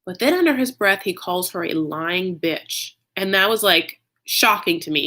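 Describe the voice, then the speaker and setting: A young man recapping a reality show in a campy, sassy, animated storytelling style, calling viewers "honey". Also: sits high, normal speed, hardly any pauses. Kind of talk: casual comedic recap.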